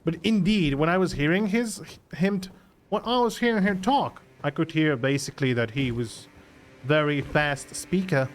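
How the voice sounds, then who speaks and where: A man's voice: a little high, animated, normal speed, a little hiss or hum. A man from the Canary Islands with a Spanish accent and Spanish as his native tongue, chatting casually in English while streaming a game and often restarting his words. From Canary Islands, Spain. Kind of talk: casual live gameplay chat.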